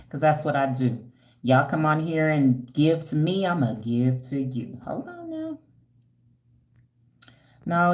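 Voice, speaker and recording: A sassy woman in her fifties with a low, deep voice, hosting a live stream. She lectures her viewers bluntly and answers their comments. The sound is roomy and echoey. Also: a little mellow. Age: 50s. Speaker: livestream host.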